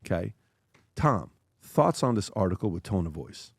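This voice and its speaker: A man with a low voice hosts a casual talk show, reading a list from an article and breaking off into jokes. His pitch swings widely as he talks, and the sound is dry and close. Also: big pitch swings, moderate pace, gravelly, breathy edge, no room sound. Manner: jokey, reads list with asides and stumbles. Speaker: host.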